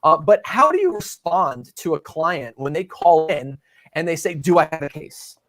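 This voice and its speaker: A man hosting a live show in a relaxed, chatty way. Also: fairly high pitch, moderate pace, dry recording. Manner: relaxed, chatty, laughs easily. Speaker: host.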